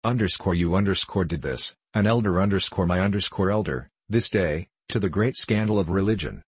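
A man reading the part of a stern, pompous older minister, lecturing in a formal, indignant way with a husky voice. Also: sits low, brisk, dry recording.

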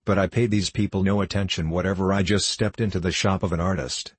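Low, husky male narrator, dry close sound, measured and wry. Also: steady tone, no echo. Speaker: audiobook reader. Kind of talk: scripted narration of a classic story.

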